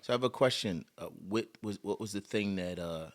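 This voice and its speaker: A man co-hosting a podcast, speaking in a reflective, measured, motivational way. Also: sits low, gravelly. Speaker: podcast co-host. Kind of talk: motivational talk.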